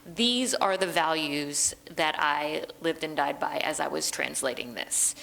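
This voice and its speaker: A woman translator and librettist talking through her craft in a relaxed interview, thoughtful and chatty, often pausing with ums. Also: low-pitched, creaky, poor audio. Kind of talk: conversational interview.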